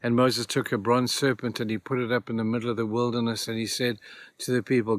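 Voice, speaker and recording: A man's voice: medium pitch, flat delivery, fast talker, no room sound. A man giving a short devotional talk, earnest and plain, repeating key phrases for emphasis. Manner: retells scripture stories in plain everyday words. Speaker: church speaker giving devotions.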